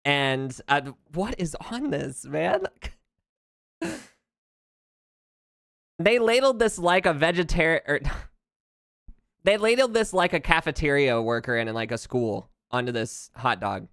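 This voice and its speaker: Taking it slowly and pausing often, a VTuber streamer from the United States speaks in a mid-range voice, recorded dry with clean studio sound on a close streaming mic. They chat casually over gameplay, animated, jokey, ranting and laughing often.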